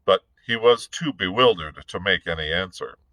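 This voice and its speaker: A male librarian reads a classic adventure novel aloud, narrating at a steady pace. His voice is fairly low but bright and forceful. The sound is close and dry. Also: moderate pace, no room sound, poor audio. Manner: steady narration with occasional small slips. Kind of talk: read-aloud storytelling.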